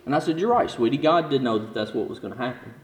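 A man preaching a sermon as pastor, building to intense emphasis and then dropping low and slow. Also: expressive, reverberant, in a large hall, a little hiss or hum.

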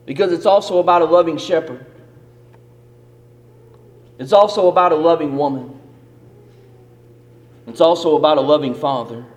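Man, preaching, emphatic repeated phrases, high voice, long hall reverb. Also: moderate pace, long pauses, a little mellow. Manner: emphatic, repetitive preaching cadence. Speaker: pastor. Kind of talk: sermon.

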